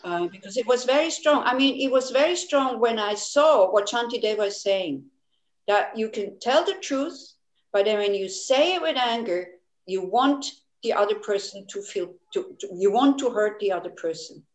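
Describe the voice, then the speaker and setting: A woman's voice: fairly high pitch, lively intonation, moderate pace. A woman Buddhist teacher giving a casual dharma talk, candid and laughing often, with frequent restarts. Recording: echoey room.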